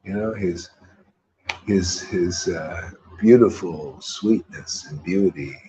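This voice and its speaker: A man's voice: low voice, slow pace, dark tone, a little hiss or hum. A man giving a casual, rambling devotional talk with a laid-back manner, often tossing in "man". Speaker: devotional speaker.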